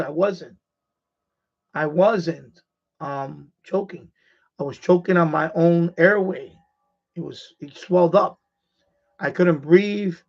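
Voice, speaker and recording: A man hosting a live stream, telling a frightening personal story in casual, animated and profane talk. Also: a little high. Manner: animated and profane, retelling a scary event. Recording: dull lo-fi stream audio.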